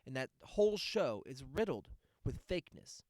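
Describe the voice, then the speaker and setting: A man's voice: mid-range voice, sing-song, normal speed, a little mellow, dry recording, studio quality. A man hosting a podcast, going on a sarcastic, profane rant in a casual monologue. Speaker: podcast host.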